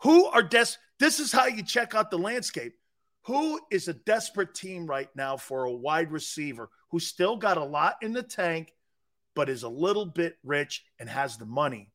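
Animated high-pitched sports talk host. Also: male voice, moderate pace. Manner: animated, emphatic, argumentative with chuckles. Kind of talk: opinionated sports radio talk.

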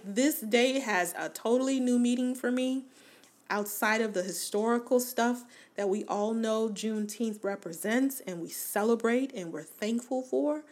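A woman's voice: mid-range voice, a little mellow. A woman in her forties hosting a self-help podcast, talking earnestly and encouragingly, with many fillers and restarts. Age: 40s. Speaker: podcast host.

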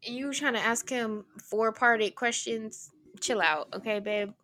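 Young woman, podcast co-host, slightly high voice, sarcastic, giggly casual recap. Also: measured pace, bright, forceful tone. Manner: sarcastic, giggly, talks over her co-host.

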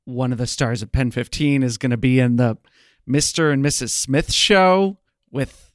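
Man, podcast co-host, casual jokey chat, smooth clear voice, dry close mic. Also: medium pitch, moderate pace, no room sound. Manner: chatty, jokey, rambling.

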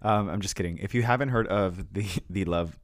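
A man's voice: low voice, a little fast, dry recording, clean studio sound. A man co-hosting a casual podcast, chatting in a playful, rambling, jokey way. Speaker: podcast co-host.

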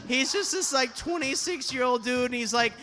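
A man, a touring slam poet, telling a comic story live on stage, animated and casually profane. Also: very high-pitched, normal speed, soft background music. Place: poetry slam venue, live audience.

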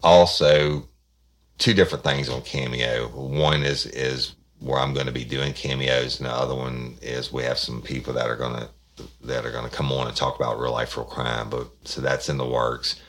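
A man's voice: very deep voice, little pitch movement, normal speed, fairly bright tone. A man hosting a podcast, talking casually in a rambling, folksy way to his listeners. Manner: rambling, folksy, many restarts. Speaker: podcast host. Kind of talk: casual chat.

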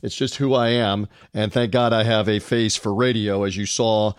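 A middle-aged American man hosting a podcast in a casual, chatty and self-deprecating way, with a deep resonant voice. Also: fairly even intonation, normal speed, a little hiss or hum. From United States. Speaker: podcast host. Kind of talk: casual podcast talk with ad read.

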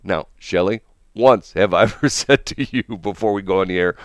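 Brief: older man, radio morning host, low voice, dry studio mic, rambling and chuckly. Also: moderate pace, no room sound. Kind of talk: casual on-air chat. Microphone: studio broadcast mic.

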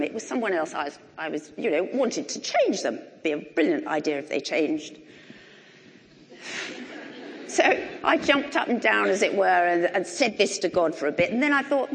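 In a church with the long reverb of a large hall, a middle-aged woman preaches a sermon in a conversational, animated manner laced with wry humour. Her voice sits at medium pitch and moves at a moderate pace.

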